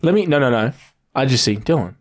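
A man co-hosting a podcast, animated and swearing as he acts out a story in casual chat. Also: mid-range voice, a little fast. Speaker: podcast co-host.

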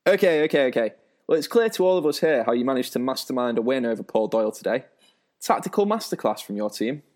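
A man's voice: medium pitch, animated, fast talker, a little mellow. A man playing a post-match sports presenter in a comedy sketch, dry and reproving.

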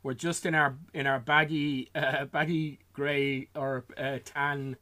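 A man's voice: medium pitch, level tone, slow, bright, forceful tone. A man co-hosting a film podcast, bantering playfully and laughing. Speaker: podcast co-host. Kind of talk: casual chat.

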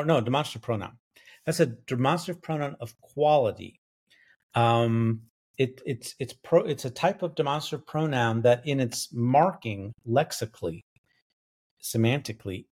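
A man walks through Greek grammar in a Bible study podcast. He thinks out loud, pauses on fillers and corrects himself mid-sentence. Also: mid-range voice. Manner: lecturing, self-correcting, thinks aloud with fillers. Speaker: biblical scholar co-host. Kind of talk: academic bible study discussion.

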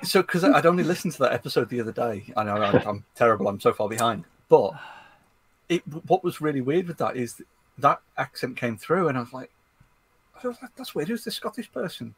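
Husky man in casual chat. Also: medium pitch, lively intonation, fairly bright tone, poor audio. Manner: chatty, self-deprecating, halting.

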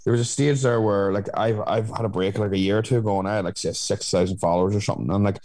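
Fast-talking low-voiced man chatting. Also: fairly even intonation, darkish tone. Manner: rambling, filler-heavy, frank. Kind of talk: casual chat.

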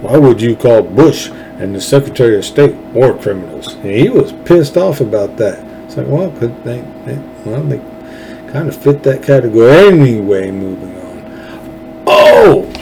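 A man's voice: mid-range voice, expressive, normal speed, vocal fry, background noise. A man hosting a political podcast, rambling and sarcastic, with many fillers and restarts.

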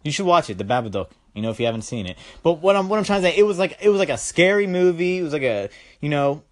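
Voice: mid-range voice, expressive, quick pace. A young adult vlogger casually recapping a horror movie in a rambling, profane, slangy way.

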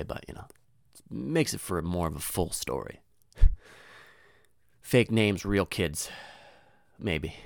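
Animated, swearing young man telling stories. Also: low voice, creaky, dry recording, studio quality. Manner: rambling, profane, slangy, acts out voices. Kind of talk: casual storytelling monologue.

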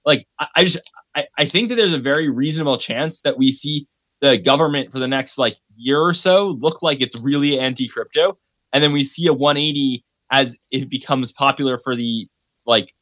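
A man's voice: medium pitch, moderate pace, a bit bright, no room sound. A man speaking in a casual panel discussion, with frequent "like" and "you know" fillers. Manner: casual, many likes and fillers.

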